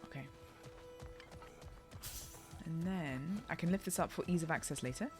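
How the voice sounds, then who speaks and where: A woman's voice: low-pitched, moderate pace, over music. A young woman streamer chatting and reacting aloud as she plays a video game. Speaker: gaming streamer. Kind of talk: let's play commentary.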